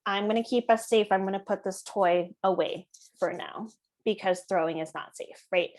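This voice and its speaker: Calm conversational woman explaining to parents. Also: mid-range voice, normal speed. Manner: calm, conversational, often checks in with "right?". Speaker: parenting educator.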